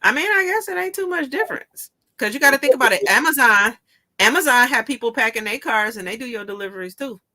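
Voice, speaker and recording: Bright-voiced, animated woman storyteller. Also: a little high, fast. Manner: animated storyteller, laughs often, swears casually. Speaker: show host. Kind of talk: casual chat.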